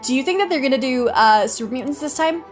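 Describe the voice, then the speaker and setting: A woman streamer chats casually on her live stream, her voice sitting high and bouncing all over its range. She talks in an excitable, chatty way, quick to laugh, with faint music playing behind her. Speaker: streamer and host.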